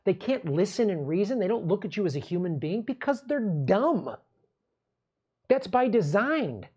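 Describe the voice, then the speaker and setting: A man's voice: sits high, big pitch swings, moderate pace, dark tone, slightly rough. Angry, profane male political ranter. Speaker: political commentary show host. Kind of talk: ranting political commentary.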